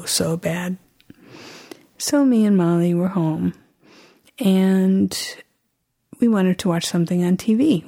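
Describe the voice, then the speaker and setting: A woman's voice: lowish voice, warm tone, breathy edge. Reflective woman telling a personal story. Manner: reflective, halting with restarts.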